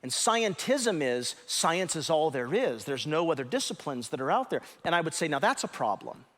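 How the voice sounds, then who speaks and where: A man preaching a sermon as pastor, emphatic and animated, stressing words sharply and teaching his congregation. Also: fairly high pitch, normal speed, long reverb tail. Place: church sanctuary.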